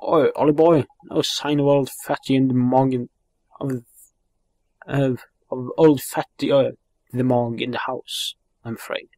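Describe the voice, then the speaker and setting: A man voicing a rough, bossy middle-aged man who talks in blunt slang. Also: medium pitch, fairly even intonation, a little slow, a little mellow, dry recording, close to an everyday voice. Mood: gruff.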